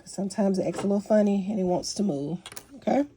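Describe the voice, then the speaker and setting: Speaking quickly in a warm, mid-range voice, this woman runs a casual at-home sewing lesson full of folksy chatter and little apologies, with a slight sniffle. Her phone, mounted by the sewing machine, does the recording, and faint background noise comes through.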